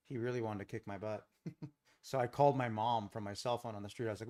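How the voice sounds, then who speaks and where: A man's voice: lowish voice, quick pace. Laid-back man hosting a trading stream. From Los Angeles. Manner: relaxed, rambling, chuckles often. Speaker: day trading livestream host. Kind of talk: casual live commentary, chatting with viewers. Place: home trading setup.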